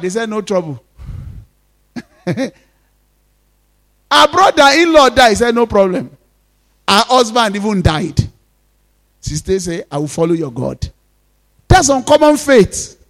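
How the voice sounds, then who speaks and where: A pastor preaching a sermon, swinging between loud exhortations and soft, intimate asides. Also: male voice, very high-pitched.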